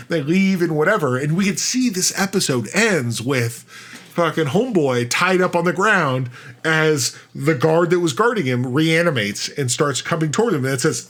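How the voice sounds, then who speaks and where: A man co-hosting a podcast, retelling a tabletop game session in a rambling, animated way, full of restarts and fillers. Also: a little high, moderate pace. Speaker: podcast co-host. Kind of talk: casual storytelling chat.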